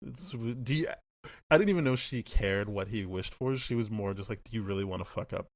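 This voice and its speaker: Podcast co-host, young man, low voice, dry close sound, lively retelling. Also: dry recording. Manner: animated, acts out characters' lines in quick paraphrase. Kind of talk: casual chat.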